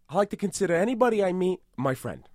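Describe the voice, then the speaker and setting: Brief: man playing a boastful tough-guy celebrity, rambling and absurd, fairly high voice, dry close mic. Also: dry recording, heavily acted. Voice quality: rambling, self-aggrandizing, deadpan absurd. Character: boastful tough-guy movie star impression, male adult. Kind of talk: improvised comedy podcast.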